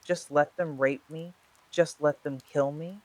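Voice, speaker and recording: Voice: mid-range voice, steady tone, measured pace, dry recording, close to an everyday voice. A narrator reading the lines of a desperate, guarded woman on a phone call in a true-crime story, by turns pleading and defensive.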